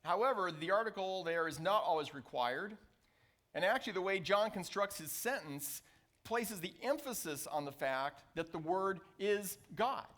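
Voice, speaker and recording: A man preaching a sermon as a pastor, reading scripture aloud and slowing down to stress key phrases. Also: high-pitched, animated, fairly bright tone. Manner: reads scripture passages aloud.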